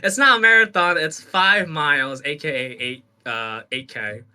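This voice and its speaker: A man's voice: a little high, normal speed, pushed and bright, clean tone. A man co-hosting a podcast, telling a story in casual chat with lots of fillers and laughs. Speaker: podcast co-host.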